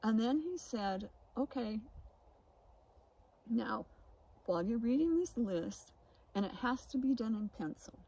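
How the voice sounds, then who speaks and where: A woman's voice: on the high side, lively intonation, measured pace, pauses often, mellow, rough recording. A woman telling a long personal story in casual chat, rambling with many restarts and laughs, recorded on a phone. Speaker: podcast co-host.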